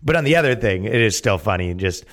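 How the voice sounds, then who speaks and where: A man's voice: on the low side, expressive, fast talker, a bit bright. A man hosting a solo comedy podcast, rambling sarcastically, laughing at his own points and restarting sentences mid-thought. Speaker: podcast host.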